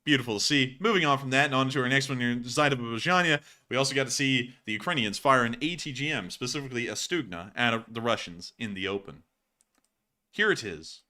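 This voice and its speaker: A man's voice: medium pitch, fairly quick, bright, forceful tone. A man hosting a live stream, casually commenting over video clips and cracking jokes. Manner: joking, casual, chuckles at his own puns. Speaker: host of war news stream.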